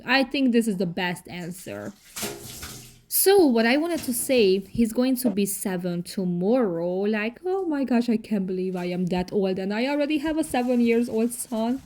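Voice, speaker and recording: A woman in her thirties with a foreign accent, narrating her cleaning vlog in a casual voice-over with halting, non-native phrasing and many fillers. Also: on the high side, expressive, a little mellow. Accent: foreign accent in English. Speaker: cleaning vlogger.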